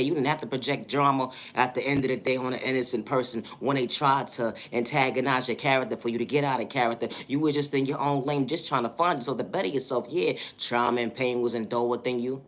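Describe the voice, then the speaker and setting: A man's voice: medium pitch, fast talker, few pauses, fairly bright tone. Man giving a repetitive motivational monologue. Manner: repetitive, affirming, rhythmic catchphrases. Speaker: livestream host.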